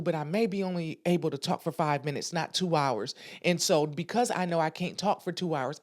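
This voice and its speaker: A woman hosting a podcast, talking frankly and emphatically to her listeners and repeating phrases for stress. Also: fairly low pitch. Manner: talks straight to listeners, frank and blunt. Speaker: podcast host. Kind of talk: casual motivational podcast monologue.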